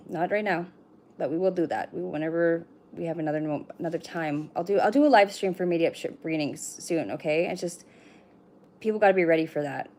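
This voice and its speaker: A woman's voice: lowish voice, brisk, a little mellow, a little hiss or hum. A middle-aged woman giving a casual card reading on a livestream, chatty, swearing now and then, and talking straight to her viewers. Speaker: livestream oracle card reader.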